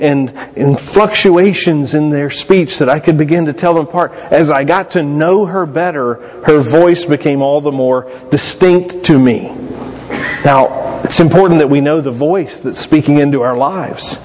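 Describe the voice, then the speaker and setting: Animated preacher in a reverberant hall. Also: male voice. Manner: animated storytelling with sudden rises in pitch. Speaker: pastor. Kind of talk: sermon. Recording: dull lo-fi sound in a reverberant hall.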